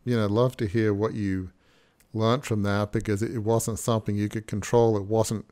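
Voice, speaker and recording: A male podcast host with a lowish voice talks in a loose, rambling way. He thinks aloud as he goes, restarting his sentences and circling back to his point. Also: level tone, normal speed, a little mellow. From Australia. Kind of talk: conversational interview.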